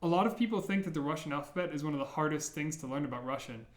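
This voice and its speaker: A man's voice: fairly high pitch, racing, reverberant. A man teaching an online language lesson, patiently modeling sounds and reassuring learners.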